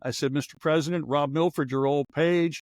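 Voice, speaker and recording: A man's voice: a little high, steady tone, brisk, darkish tone, no echo. Wry rambling older man, dry close sound. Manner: rambling anecdotal storyteller, wry asides. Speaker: podcast host and former radio newsman. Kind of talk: casual storytelling chat.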